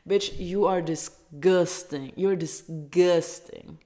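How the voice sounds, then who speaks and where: A woman's voice: fairly low pitch, lively intonation, slow pace, few pauses, a little mellow. A woman from Turkey, a native Turkish speaker, ranting in English with heated, profane talk and stumbling restarts. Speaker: vlogger. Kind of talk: angry casual rant.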